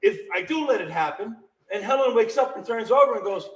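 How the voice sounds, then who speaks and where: Man, high voice, very lively, storytelling to a live crowd, off-mic, roomy sound. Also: a little fast, recorded from a distance. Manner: animated, laughing storyteller, acts out voices. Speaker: guest telling a ghost story. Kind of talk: animated storytelling to a live audience. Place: small shop with live audience.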